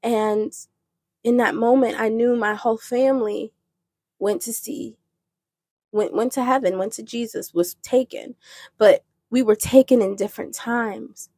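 A woman's voice: on the high side, fairly even intonation, measured pace, warm tone, breathy edge, no echo. A woman hosting a podcast, telling a personal faith testimony in an earnest, rambling way with restarts. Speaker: podcast host.

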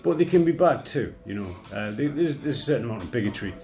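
A man's voice: medium pitch, animated, fast, mellow. A man from Durham chats loosely on a podcast. He rambles, restarts and mocks himself at his own expense. Faint music sits under his voice. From England, Durham. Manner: self-deprecating, rambling, with restarts. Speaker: podcast co-host. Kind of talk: casual sweary chat.

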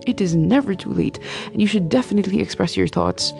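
A woman's voice: mid-range voice, fast, creaky, few pauses, warm tone, soft background music. A woman in her twenties, a medical student, telling a story in a casual vlog, rambling and emphatic with many fillers and restarts.

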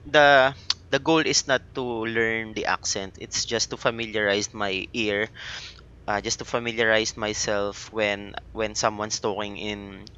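A man's voice: fairly low pitch, flat delivery, unhurried, sharp tone, smooth. A young Filipino man with a Filipino accent hosting a casual chat, encouraging and full of fillers. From Philippines. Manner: encouraging, with frequent fillers and laughs. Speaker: podcast host. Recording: dull lo-fi sound.

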